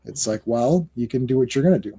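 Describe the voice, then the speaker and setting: A man hosting a comic book podcast in casual chat, excitable and rambling, often laughing and restarting his sentences. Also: medium pitch, fast, breathy edge.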